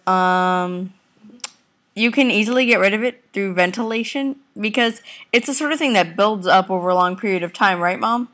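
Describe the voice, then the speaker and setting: A woman's voice: mid-range voice, moderate pace, fairly bright tone. Teenage girl, casual chatty vlog, rambling, giggly, home couch, webcam. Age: teens. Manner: rambling, giggly, talks to viewers and family off camera. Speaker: vlogger. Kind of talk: casual chatty video reply.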